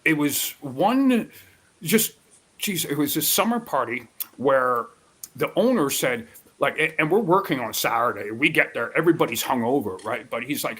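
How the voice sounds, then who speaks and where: Animated, profane man telling a story. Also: mid-range voice, moderate pace, breathy edge. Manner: profane, animated storytelling with loud acted-out quotes. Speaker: guest storyteller. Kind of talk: casual live chat.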